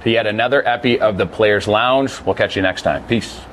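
A man's voice: on the low side, a little fast, background noise. A young man hosting a casual podcast, asking questions and joking with his guests. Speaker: podcast host.

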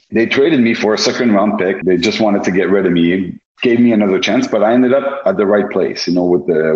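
A man with a very low voice recounts his hockey days in a relaxed, meandering way, often restarting his sentences. The recording is echoey and slightly dull. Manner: casual, rambling with many restarts. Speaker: former pro hockey goalie. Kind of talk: interview recollection. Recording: echoey room, dull lo-fi sound.

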